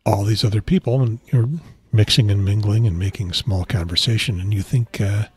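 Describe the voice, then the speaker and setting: A man hosting a casual solo podcast, talking in a quiet, rambling way that often corrects itself. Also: lowish voice, steady tone, fairly quick, slightly rough. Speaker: podcast host. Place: outdoors on a beach trip.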